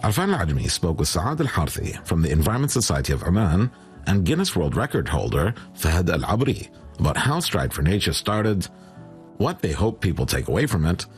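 Man, radio news presenter, very low voice, lively intonation, faint music behind. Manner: steady, clear read from a script. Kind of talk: scripted news reading.

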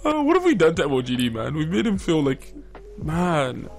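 A man's voice: a little high, huge pitch swings, moderate pace, gravelly, faint music behind. A young man from the UK co-hosting a casual chat, teasing and bantering playfully. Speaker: co-host.

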